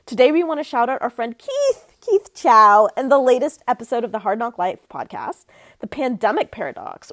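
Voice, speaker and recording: A woman's voice: fairly high pitch, no room sound, studio quality. A woman co-hosting a podcast in casual chat, telling stories animatedly with frequent filler words. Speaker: podcast co-host.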